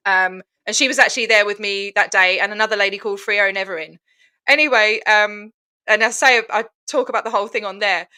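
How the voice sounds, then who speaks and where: An Australian woman telling a story over a video call in a casual chat, animated and laughing often, acting out the other people in it. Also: mid-range voice, brisk, smooth. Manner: animated, laughing, mimics voices in retelling. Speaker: guest protester.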